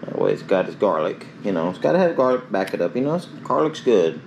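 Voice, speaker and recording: A man's voice: on the low side, big pitch swings, quick pace, creaky, slight background noise, rough recording. A man chatting casually to himself and viewers as he cooks. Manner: chatty, rambling, self-talk while cooking. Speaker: cooking ASMR host. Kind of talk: casual cooking chat.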